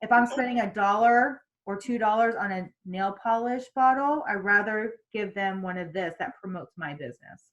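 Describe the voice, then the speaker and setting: A woman's voice: mid-range voice, moderate pace, hardly any pauses, fairly bright tone, muffled recording. A woman leading a casual sales training on a group call, chatty, with lots of fillers and restarts. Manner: chatty, many fillers and restarts, acts out quotes.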